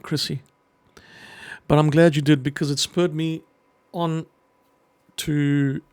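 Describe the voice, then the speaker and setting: Gravelly, earnest middle-aged man. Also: fairly high pitch, darkish tone, dry recording. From half Greek. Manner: earnest, halting, emotional, with pauses. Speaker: vlogger and children's book writer. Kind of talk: emotional personal message to camera.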